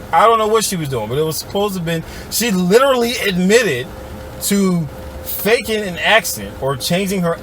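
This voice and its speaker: A man's voice: high voice, pushed and bright, slight background noise. A man giving a heated, sarcastic political commentary straight to his viewers, calling them y'all. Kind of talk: ranting video commentary.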